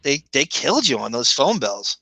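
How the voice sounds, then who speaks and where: A man with a Long Island accent, co-hosting a podcast in a rambling, chuckling way that drifts into quick impressions. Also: mid-range voice, big pitch swings, creaky, bright, forceful tone, rough recording. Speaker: podcast co-host. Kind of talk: casual commentary chat.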